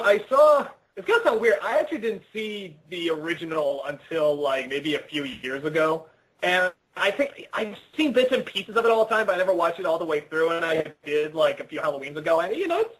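A young man with a somewhat high, husky voice chats casually over a video call. He rambles through his answers, stacking fillers and restarts and poking fun at himself. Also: a bit bright, rough recording. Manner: rambling, self-deprecating, frequent fillers and restarts. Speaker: interview guest. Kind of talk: casual interview chat.

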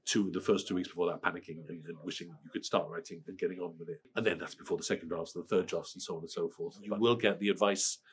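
Fast-talking Welsh man with a cold. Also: sits low. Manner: animated, restarts and repeats words. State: has a cold. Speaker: screenwriter interviewee. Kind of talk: conversational interview answers.

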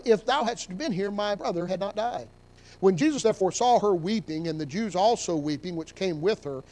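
A man preaching as pastor, reading scripture aloud and swinging between emphatic rises and quiet drops. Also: high-pitched. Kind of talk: sermon.

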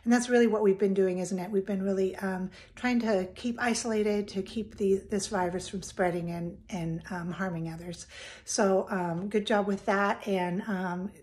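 A woman's voice: mid-range voice, steady tone, moderate pace. A woman, a math teacher, encouraging her students in a hesitant, casual way. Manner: warm and encouraging, hesitant with fillers.

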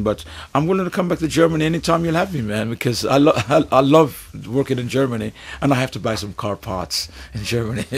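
A man in an interview telling a story in a casual, animated way, with stammering restarts, frequent swearing and laughter. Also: lowish voice, breathy edge. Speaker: musician interview guest.

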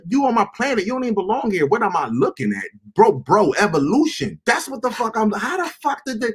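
Man, high pitched, husky, animated, profane, casual reaction host. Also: a little fast. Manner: animated, profane, addresses viewers as "my people".

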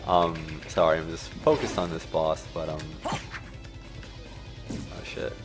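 A man's voice: low-pitched, lively intonation, takes it slowly, music in the background. Rambling man telling stories over gameplay. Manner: rambling, laughing, distracted by the game. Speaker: gameplay commentator. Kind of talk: casual storytelling over gameplay.

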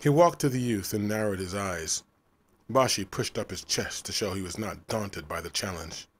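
Husky low-voiced male narrator. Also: normal speed. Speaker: audiobook narrator. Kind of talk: scripted story narration.

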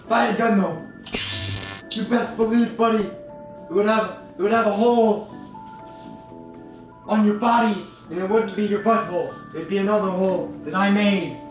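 A man with a high voice is recording a comedic VR let's play, brash, loud and trash-talking. His voice rings around a very echoey room. Faint music plays underneath. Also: steady tone, normal speed, pauses often. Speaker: gamer.

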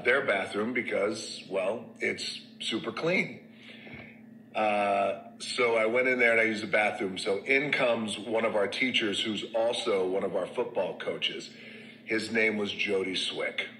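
Deep-voiced man recounting his past candidly, loose and halting, in an echoey room. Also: slight background noise. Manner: candid, conversational, lots of fillers and restarts, drops soft at reflective moments. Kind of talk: personal storytelling.

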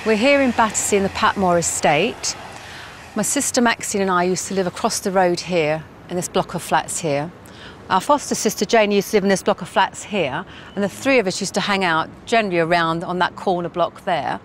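A woman's voice: lowish voice, brisk, slight background noise. A woman in her fifties reminiscing outdoors on a city estate, chatty and pointing things out as she goes. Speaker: interviewee. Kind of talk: reminiscing on location.

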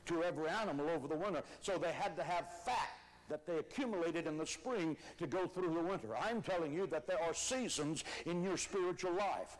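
Emphatic high-voiced older male preacher. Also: low-quality recording. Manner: emphatic preaching, rising to shouts on key words. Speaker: pastor. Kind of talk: sermon.

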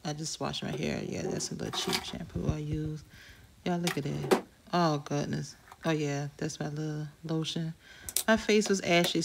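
A woman's voice: low-pitched, vocal fry. A woman chatting casually to her viewers at home as she does her hair, often calling them "y'all". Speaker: beauty vlogger. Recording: loud hair dryer noise over the voice. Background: loud hair dryer.

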